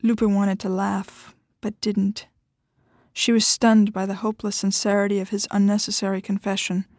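A woman reading a short story aloud in an even, measured way. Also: medium pitch, no room sound, studio quality. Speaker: story reader.

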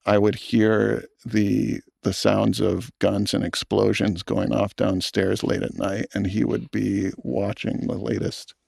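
A man, a film director, talking in an interview in a thoughtful, earnest way with halting restarts. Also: fairly low pitch, level tone, creaky, a little mellow, breathy edge, no room sound, clean studio sound. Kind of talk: reflective interview talk.

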